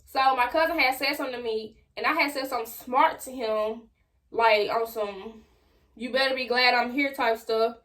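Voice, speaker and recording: A young adult woman telling a personal story straight to her viewers in a casual, slangy, animated way. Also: on the high side, moderate pace. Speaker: vlogger.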